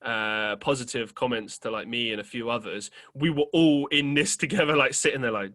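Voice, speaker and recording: A man's voice: medium pitch, normal speed, bright, forceful tone. A young man hosting a podcast, telling a rambling story in casual chat, full of fillers and casual swearing. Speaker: podcast host.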